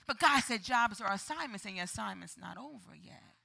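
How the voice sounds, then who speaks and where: A woman's voice: mid-range voice, animated, fairly quick, gravelly, few pauses, sharp tone, faint music behind. A woman preacher delivering a sermon, with call-and-response and acted-out prayers.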